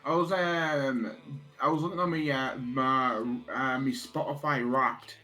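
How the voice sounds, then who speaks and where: A man's voice: medium pitch, fairly even intonation, measured pace, sharp tone, soft background music, rough recording. A man chatting casually with a friend on a stream, rambling and restarting while he explains things. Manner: rambling, many fillers and restarts, joking. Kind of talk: casual chat.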